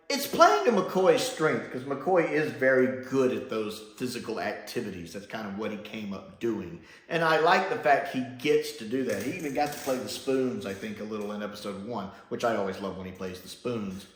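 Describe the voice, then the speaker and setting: Male reviewer, casual and chatty, with a lively, bouncing delivery and mid-range pitch. Roomy echo. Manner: animated, chatty, with frequent "uh" and "like". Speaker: film and TV reviewer.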